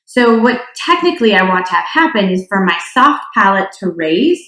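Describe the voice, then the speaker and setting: A woman's voice: medium pitch, very animated, moderate pace, bright, forceful tone. A young adult woman from North Dakota teaching a singing lesson, chatty, with demonstration sounds. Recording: echoey room.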